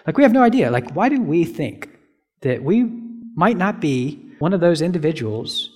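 A man's voice: mid-range voice, animated, a little fast, darkish tone. A young man preaching a casual, emphatic sermon, full of rhetorical questions and asides. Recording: long reverb of a hall.

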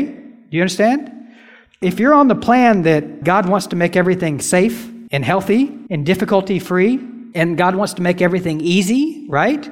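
A young man preaching a casual, emphatic sermon, full of rhetorical questions and asides. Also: high voice. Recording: long reverb of a hall.

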